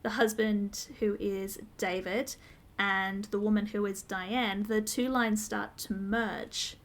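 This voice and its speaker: A woman's voice: medium pitch, little pitch movement, slow. A woman co-hosting a podcast, recapping a TV episode in a casual, detailed, step-by-step way with frequent ums. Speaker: podcast co-host.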